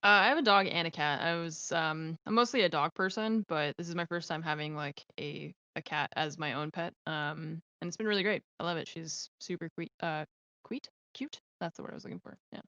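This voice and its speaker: A woman with a low, bright-toned voice talks casually as a guest, loose and animated in her stories. The sound is dry and a little dull, like a home mic. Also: fairly quick, no room sound. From Southern California. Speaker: guest streamer. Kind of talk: casual interview chat.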